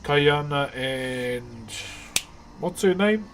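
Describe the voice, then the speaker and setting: A man's voice: medium pitch, animated, very slow, noisy background. Laid-back New Zealand man streaming. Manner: laid-back, calls viewers brother and bro. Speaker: live streamer and carver. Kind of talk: casual live-stream chat with viewers.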